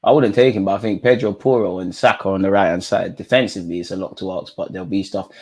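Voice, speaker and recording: A young man reacting live to a football match, talking to players and the referee, swinging between low mutters and high shouts. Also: steady tone, fast. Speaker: football watchalong streamer.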